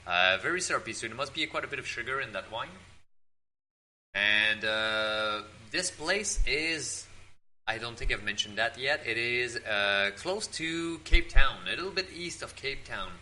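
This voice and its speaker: A man hosting his own vlog, tasting wine at home in his apartment and talking in a relaxed, rambling way with many fillers. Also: mid-range voice, normal speed, slight background noise, poor audio. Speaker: host of a drink-tasting channel.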